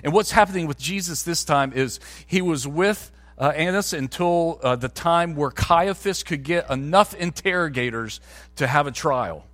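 A man's voice: fairly high pitch, normal speed, a bit bright. A man, a pastor, preaching a sermon in a conversational way that climbs to emphatic peaks.

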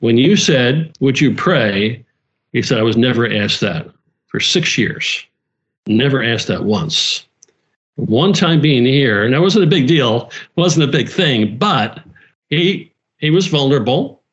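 A man at a mid pitch who leads a small church talks earnestly in a relaxed conversation. He often restarts and repeats his phrases. The recording sounds slightly dull and lo-fi. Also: unhurried. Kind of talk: casual conversation.

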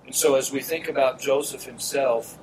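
A man's voice: mid-range voice, moderate pace. A man preaching an expository Bible sermon, earnest and emphatic, repeating key phrases and speaking directly to his listeners. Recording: distant mic with steady air-conditioner hum.

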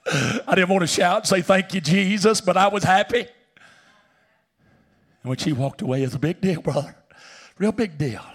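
A man preaching a sermon in church, telling a personal story and swinging from shouts down to hushed whispers. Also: high voice, measured pace, pauses often, husky. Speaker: pastor. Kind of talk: sermon testimony.

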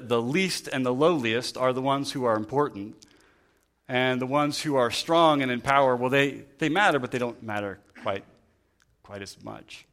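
A man preaching a relaxed sermon at a middling pitch. He talks it through conversationally and often restarts his sentences as he thinks aloud. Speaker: pastor.

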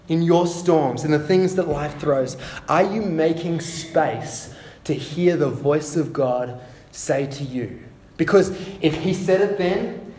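A man preaching a sermon, often repeating words as he goes and dropping to soft, hushed tones. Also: on the high side. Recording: echoey room with faint ambience.

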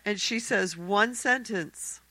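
A woman telling a fairy tale aloud in a church service, expressive and acting out the characters. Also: medium pitch, slow pace, poor audio. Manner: expressive, acts out the characters' voices. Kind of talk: animated fairy-tale storytelling.

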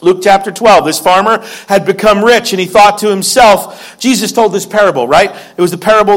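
A man's voice: sits high, fairly quick, few pauses. A man preaching a sermon in a conversational way, with joking asides and repeated words. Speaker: pastor.

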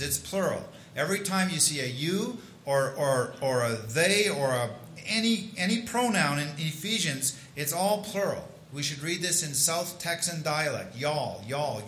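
Guy preaching a sermon, chatty w lots of restarts, bright voice, roomy church sound. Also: on the high side, a little hiss or hum. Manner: conversational preaching with restarts and asides. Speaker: pastor.

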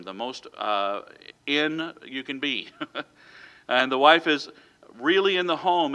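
A man delivers a sermon with a very bright, ringing tone. He speaks in a loose, conversational way, breaking off with fillers and restarting his sentences. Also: medium pitch. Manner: conversational, many fillers and self-corrections. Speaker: pastor.

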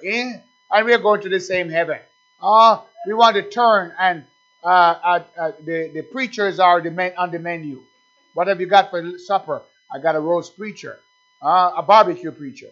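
A man preaching a sermon with fervor, swinging from shouted praise to low asides, with frequent fillers and restarts. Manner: fervent, rising to shouted hallelujahs and dropping to low asides; halting with many fillers and restarts. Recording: dull lo-fi recording.

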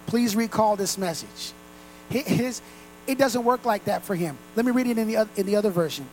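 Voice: mid-range voice, a little fast, a little hiss or hum, low-quality recording. A pastor preaching a sermon to a congregation in a room, earnest and direct.

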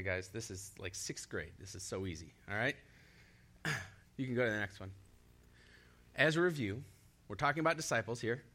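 Upbeat young guy preaching, laughs a lot, gets the crowd to say lines back, tense bright tone. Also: medium pitch. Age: young adult. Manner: upbeat, laughs often, leads call-and-response. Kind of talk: sermon.

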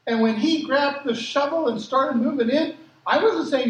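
Man from africa, pastor, sermon, lively storyteller, high voice, echoey hall from far off, faint ambience. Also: moderate pace, a little hiss or hum. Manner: lively storytelling, acts out quotes. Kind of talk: sermon with personal stories.

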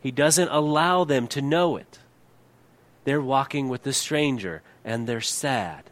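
A middle-aged man, a pastor, preaching a sermon. He asks the congregation rhetorical questions and often drops to a hushed, low voice to drive a point home. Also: takes it slowly.

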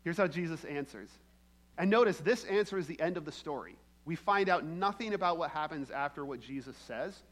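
A man's voice: on the high side, expressive, fairly quick. A man preaching a sermon in a conversational way, often checking in with the congregation and acting out the quoted lines. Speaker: pastor.

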